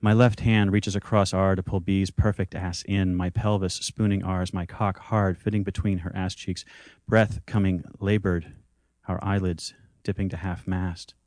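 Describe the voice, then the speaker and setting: Deep-voiced man reading an intimate story. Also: flat delivery, normal speed, few pauses, darkish tone, no room sound, clean studio sound. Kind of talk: reading a first-person story aloud.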